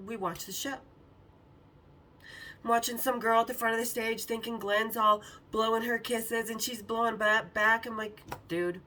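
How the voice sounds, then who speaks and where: A woman with a bright, forceful voice, pitched a little high, telling candid stories with plenty of swearing and laughter. She sits a bit back from the mic. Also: distant mic. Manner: frank, profane, laughs often. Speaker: podcast host. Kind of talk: candid storytelling.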